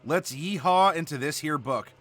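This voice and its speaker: A man's voice: fairly high pitch, moderate pace, a bit bright. A man putting on a folksy backwoods country bumpkin with an exaggerated Southern US drawl, hammy and full of mangled grammar. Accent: exaggerated Southern US drawl, put on. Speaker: host doing a joke voice. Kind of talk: comic bit in a game-rules discussion.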